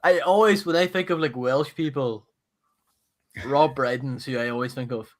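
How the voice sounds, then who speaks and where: A man's voice: mid-range voice, normal speed. A man co-hosting a live stream, chatting casually with a co-host. He trades light jokes and teasing remarks. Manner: joking, teasing banter. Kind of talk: casual chat.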